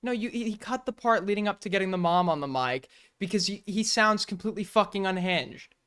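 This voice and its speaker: Bright, crisp-voiced male streamer. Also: sits high, fairly quick. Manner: blunt, profane, mocking asides. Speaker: streamer reacting to a video. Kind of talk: casual live-stream commentary.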